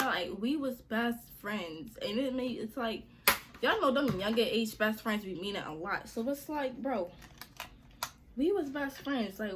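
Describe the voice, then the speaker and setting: A woman's voice: fairly high pitch, fairly bright tone, a little hiss or hum. Chatty young woman telling a story. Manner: slangy, chatty, addresses viewers as y'all. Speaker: storytime vlogger. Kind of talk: casual storytelling to viewers.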